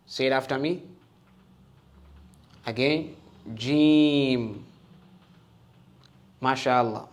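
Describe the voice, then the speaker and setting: A man teaching the Arabic alphabet and Quran reading, patient and encouraging, often checking with "okay?" and sounding out each letter loudly for listeners to repeat. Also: mid-range voice. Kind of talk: slow patient alphabet lesson with call-and-repeat.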